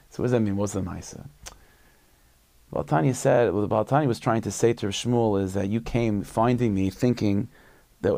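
A man, a religious teacher, telling a story as a short sermon in a conversational, halting way with many restarts. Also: fairly low pitch, gravelly, mellow, dry recording.

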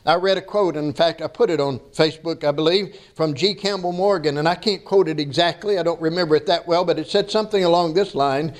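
A man's voice: fairly high pitch, fast talker, few pauses. A man preaching a sermon to his congregation, reading scripture and then joking with the people in a folksy way. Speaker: pastor. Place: church sanctuary.

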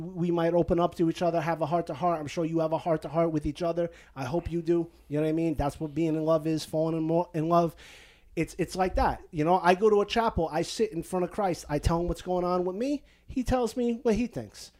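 A priest hosting a casual podcast in a home basement, talking in a slightly higher male voice. He is animated and joking, and he drifts into a put-on Italian-American lilt. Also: fairly quick. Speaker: Catholic priest and podcast host. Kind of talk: casual podcast advice chat. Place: basement living room at home.

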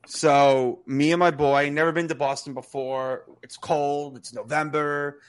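Animated, swearing male podcast host. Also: a little high, a little slow, clear, resonant tone. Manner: animated, profane, laughs through stories. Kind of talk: casual podcast storytelling.

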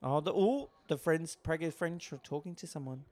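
A man's voice: fairly high pitch, moderate pace, a little mellow. A man chatting casually, describing what happens on screen while watching a movie with a friend. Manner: narrates the on-screen action. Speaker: movie commentator. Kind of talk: casual movie commentary chat.

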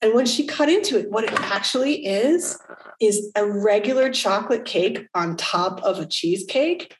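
A woman's voice: mid-range voice, animated, moderate pace, noisy background. A middle-aged woman co-hosting a podcast, chatting candidly and swearing freely. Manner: candid, swears freely, acts out quoted voices. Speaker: podcast co-host. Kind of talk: casual podcast chat. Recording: roomy, slightly distant mic.

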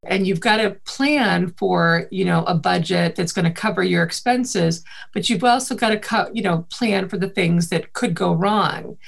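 With a lowish voice, vocal fry, and few pauses, this woman speaks at normal speed as a guest in a casual interview. She works in marketing and events, comes from the Boston area with a faint accent, and rambles with plenty of fillers.

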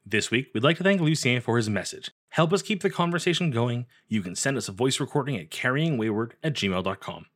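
A man co-hosting a podcast, talking in an enthusiastic, animated way with lots of "like". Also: mid-range voice, fairly quick, few pauses. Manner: animated, enthusiastic, says "like" often. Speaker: podcast co-host. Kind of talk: casual podcast discussion.

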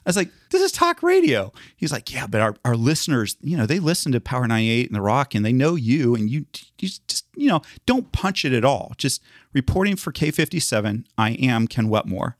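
A man tells a story on a podcast with plenty of energy, putting on the voices of the people he quotes and breaking into laughter. His voice sits at a middle pitch, and the recording is dry and close. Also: huge pitch swings, a little fast, few pauses, no room sound. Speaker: podcast co-host, former news reporter. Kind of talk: casual storytelling chat.

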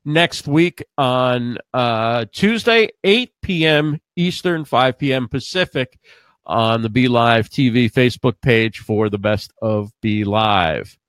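A man's voice: medium pitch, animated, slow pace, fairly bright tone, clear, resonant tone, no echo, clean studio sound. A man co-hosting a live-stream show, speaking earnestly and a bit rambly over a video call, often repeating words. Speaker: co-host. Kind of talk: casual live-stream chat.

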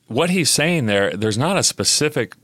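A man talking through ideas on a podcast in a casual, animated way, with plenty of fillers and restarts. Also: medium pitch, moderate pace, no echo, clean studio sound. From United States. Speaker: biblical scholar on a podcast.

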